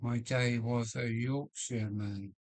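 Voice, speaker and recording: Slow, rambling older Kent man. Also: medium pitch, fairly even intonation. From Kent, England. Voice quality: slow and rambling, with frequent restarts and fillers. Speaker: livestream host. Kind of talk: casual chat. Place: home loft.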